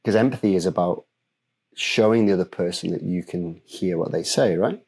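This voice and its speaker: Male podcast guest, animated coach explaining techniques, lowish voice. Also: moderate pace, breathy edge. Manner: animated explainer, acts out examples. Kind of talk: conversational podcast interview.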